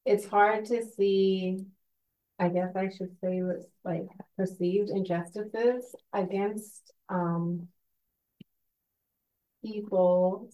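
Slow, hesitant woman asking a question. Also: medium pitch, steady tone, mellow, poor audio. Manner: hesitant, searching for words. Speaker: audience member asking a question.

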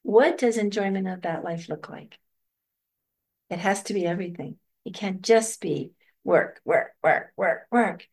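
An older woman who teaches meditation gives a gentle, reflective dharma talk in reply to a student's question, often laughing softly. Her mid-range voice moves a little slowly, with a creaky, breathy edge.

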